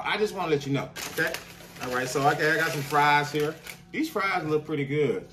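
A man's voice: on the high side, a bit bright, a little hiss or hum. A man, a chef, chatting his way through a casual food review at home and constantly addressing viewers as "y'all.". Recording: voice a bit far from the mic.

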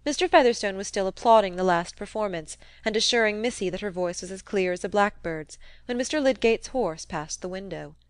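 A woman's voice: mid-range voice, fairly quick, few pauses, clear, resonant tone, no echo. Woman reading a classic novel aloud. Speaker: audiobook reader. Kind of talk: scripted narration.

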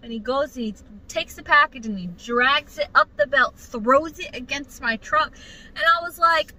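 A young woman vlogger telling a work story to her mother in casual, animated, profane talk. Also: high voice, moderate pace, poor audio.

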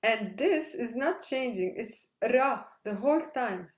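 A woman teaching a language lesson, spelling out syllables slowly and checking in with "right?". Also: fairly high pitch, expressive. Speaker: Arabic teacher. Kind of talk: slow explanatory lesson. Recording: echoey room.

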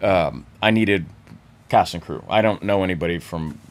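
A fairly low-voiced man talks as a guest filmmaker. He answers in a chatty, loose way, often stopping and starting his sentences over. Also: normal speed. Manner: chatty, full of stops and restarts. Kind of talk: interview answers.

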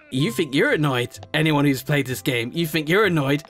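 Male gamer, frustrated rage commentary, loud outbursts to low grumbles, heavy swearing. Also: lively intonation, moderate pace, few pauses, faint music behind. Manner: swearing, scolding himself and his character in frustration; swings between yelling and low muttering. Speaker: gaming YouTuber. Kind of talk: gameplay commentary.

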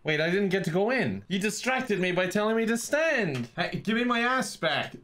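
A man's voice: high-pitched, big pitch swings, fairly bright tone. Joking young man narrating a game. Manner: joking, teasing, quick to apologize. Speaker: gaming video host. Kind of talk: playful let's-play commentary.

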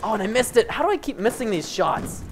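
A young man giving excitable live commentary over his own gameplay, swinging between frustration and excited yelps. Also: high-pitched, quick pace, a little hiss or hum. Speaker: gaming commentator.

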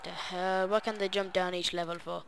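A man's voice: sits high, flat delivery, normal speed, creaky, a bit bright, a little hiss or hum. A young man giving rambling, casual gaming commentary full of fillers and asides. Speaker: gaming YouTuber.

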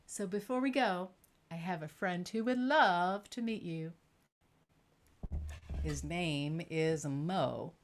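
A middle-aged woman storyteller guiding young children through a simple craft and answering their questions slowly and clearly. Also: lowish voice, slight background noise. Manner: warm, patient, slow and clear for young children.

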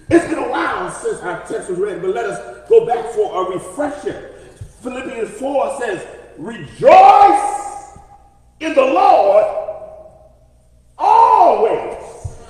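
A man preaching a sermon, building to shouted, half-sung lines and asking the congregation for witnesses. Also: sits high. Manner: rising to shouted, half-sung climaxes with congregation call-outs. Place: church sanctuary. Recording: echoey hall with long reverb.

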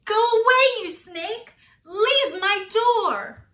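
A woman's voice: sits high, animated, fairly quick, a bit bright, echoey room. A woman voicing a frightened male square shape from a picture book, crying out in fear. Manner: fearful crying exclamations.

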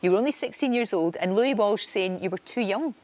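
A middle-aged woman hosting a daytime TV sofa interview, chatty with quick follow-up questions. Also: medium pitch, a little mellow. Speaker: TV talk show host.

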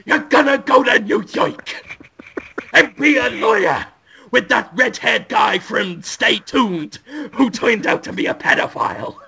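A man doing a hammy impression of a gruff older male lawyer, barking catchphrases. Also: high-pitched, lively intonation, unhurried, pushed and bright, voice pushed up, exaggerated voice. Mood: blustering.

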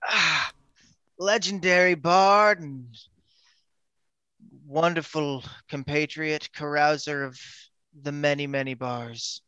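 A man's voice: on the high side, pushed and bright, clean tone, no room sound, lo-fi sound. A man playing a boastful male bard who proclaims himself a legend. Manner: grandiose, drawn-out boasting.

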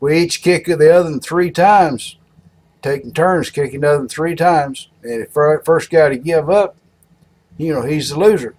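A man voicing a shrewd old country farmer, with a slow, folksy drawl. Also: fairly high pitch, darkish tone, voice pushed up, lightly acted. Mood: sly.

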